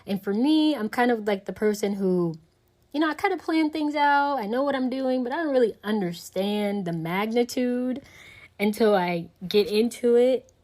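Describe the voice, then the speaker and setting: A woman's voice: on the high side, normal speed, darkish tone. A woman hosting a casual podcast conversation, talking reflectively and meandering with many fillers. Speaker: podcast host.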